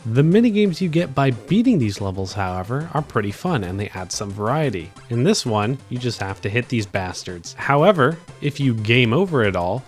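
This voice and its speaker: Young man, game review narration, monotone delivery, pitch still swings, faint music under it. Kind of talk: video game review voice-over.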